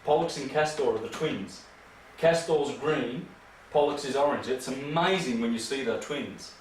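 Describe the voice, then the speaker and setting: A man's voice: medium pitch, moderate pace. Guy lecturing, rambly and emphatic, mic far off with faint hiss. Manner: emphatic, rambling, rhetorical questions. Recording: echoey room from far off, faint noise.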